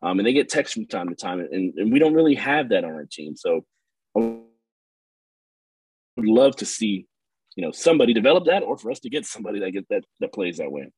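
A man with a low, husky voice talking basketball in a relaxed podcast conversation. He rambles and circles back on his words, earnest rather than polished. The sound is close and dry. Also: a little fast, dry recording, rough recording. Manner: rambling, many fillers and restarts, earnest. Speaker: podcast co-host. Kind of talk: casual sports chat.

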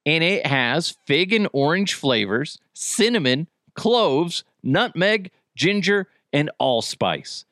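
Casual male podcast host, lively swooping voice, dry close mic, laughs a lot. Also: fairly high pitch, takes it slowly, hardly any pauses, no room sound. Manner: goofy, laughs a lot, jokey. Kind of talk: casual chat.

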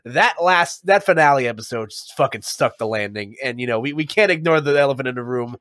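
A man's voice: medium pitch, animated, brisk, a bit bright, dry recording. Rambling, cursing podcast guy, dry sound. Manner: rambling, profane, laughs often. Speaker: podcast co-host. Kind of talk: casual chat.

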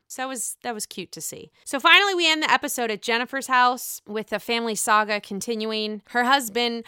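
A woman's voice: fairly high pitch, normal speed, hardly any pauses, pushed and bright, smooth, no echo, studio quality. A woman hosting a casual, profane podcast recap of a reality show, acting out the lines of the people in it. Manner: chatty, profane, acts out quotes.

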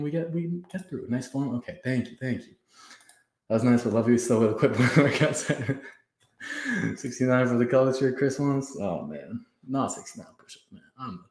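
A young man in his twenties hosting a casual livestream at home, hyped and slangy, laughing often as he chats. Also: mid-range voice. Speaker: host of a fan livestream. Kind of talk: casual live chat. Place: room at home. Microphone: camera set on the floor. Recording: roomy echo.

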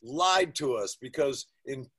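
A man's voice: mid-range voice, a little slow, breathy edge. A man, a father, telling stories in a casual, profane chat. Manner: profane, animated storyteller.

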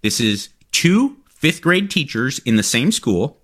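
A man in his forties, co-hosting a casual chat and talking in an animated, joking way with a little swearing. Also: mid-range voice, slow. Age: 40s. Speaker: co-host.

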